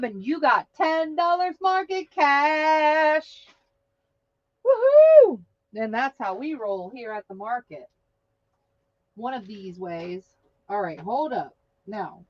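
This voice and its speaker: Whooping, high-spirited woman market host. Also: fairly bright tone, dry recording, highs cut off. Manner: exuberant, cheering winners with whoops. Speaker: host of an online craft market. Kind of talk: live-stream hosting.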